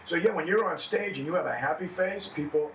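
A man's voice: a little high, a little fast, fairly bright tone, a little hiss or hum. A man, a stand-up comedian, chatting casually with other comics, rambling and acting out lines he quotes. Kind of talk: casual chat among comedians. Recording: echoey room, mic at a distance.

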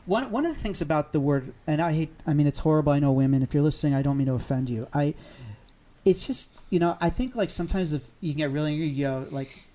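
A man's voice: a little high, expressive, fast, mellow. A man guesting on a casual comedy podcast, rambling and profane, often laughing through his rants.

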